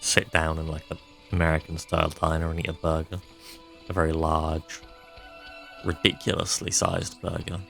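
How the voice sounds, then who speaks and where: A man streaming a game live, musing in relaxed asides between the dialogue. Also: rumbling low, normal speed, gravelly, faint music behind. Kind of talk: live gameplay commentary.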